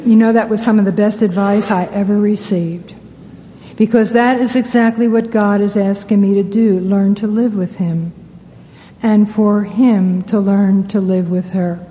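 A woman's voice: medium pitch, steady tone, measured pace, a little hiss or hum. A woman giving a Christian sermon-style talk, telling personal anecdotes. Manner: warm, anecdotal storytelling. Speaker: Christian speaker. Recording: long hall reverb.

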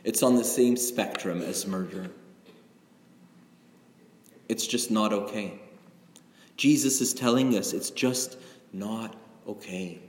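Low-voiced male pastor in an echoing church. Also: slow pace, pauses often, a little mellow, slight background noise. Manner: conversational, confessional, frequent "right?" asides. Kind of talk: sermon. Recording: echoey hall with long reverb.

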